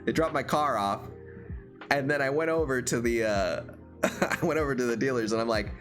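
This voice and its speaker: A man's voice: medium pitch, brisk, a bit bright, faint music behind. A young man hosting a livestream who tells stories casually, laughs often and swears freely. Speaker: livestream host. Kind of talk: casual storytelling chat.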